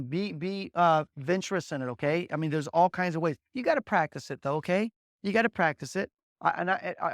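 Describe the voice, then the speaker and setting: High-voiced, animated sales trainer man. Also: dry recording, studio quality. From Las Vegas, Nevada. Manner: animated, acts out sample dialogues, repeats words. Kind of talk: energetic training talk.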